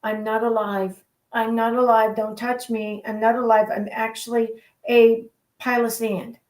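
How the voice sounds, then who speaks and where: A curious, lazy male reef shark, played by a woman who wonders at everything around him in a playful way. The voice sits high. It rings in a roomy space. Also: level tone, measured pace, close to an everyday voice. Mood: playing dead. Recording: roomy echo.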